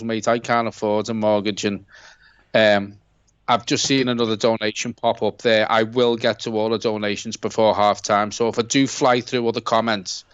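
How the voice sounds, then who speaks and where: A man co-hosts a live football watch-along, chatting and reading out donations in a heartfelt, sweary way. His voice is medium in pitch with a clean tone. There's no room sound, and the high frequencies are cut off.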